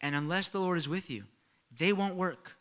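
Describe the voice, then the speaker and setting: A middle-aged pastor preaching with a high, ringing voice. He talks in a lively, conversational way, throwing out questions to his congregation and chatting in asides. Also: normal speed. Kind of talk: sermon.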